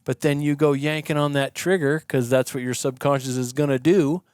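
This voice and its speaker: A man guesting on a podcast, explaining in a casual, animated way and acting out the yelling of the people he quotes. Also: fairly high pitch, normal speed, clear, resonant tone, no echo, clean studio sound. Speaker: podcast guest, shooting instructor. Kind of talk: conversational explaining. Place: podcast studio.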